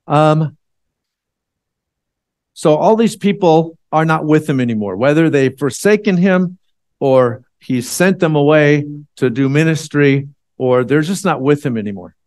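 A man's voice: fairly high pitch, expressive, measured pace, darkish tone, no room sound, clean studio sound. A man, a church elder, giving a conversational Bible sermon with many fillers and restarts.

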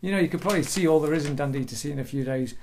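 A man's voice: a little high, racing, a little mellow, a little hiss or hum. A middle-aged man, chatting cheerfully and jokily to viewers in a casual vlog, recorded on a camera microphone. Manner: chatty, cheerful, jokey, addresses viewers as mates. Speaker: vlogger.

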